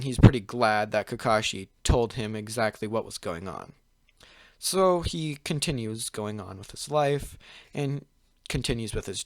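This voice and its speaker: A man's voice: mid-range voice, no room sound. A young man talking through a fan-made story off the cuff, looping back with filler words and restarting sentences as he goes. His voice is dry and close, with no room sound around it. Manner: rambling, full of "pretty much" and "like", frequent restarts. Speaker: channel host. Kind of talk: casual fan-fiction storytelling.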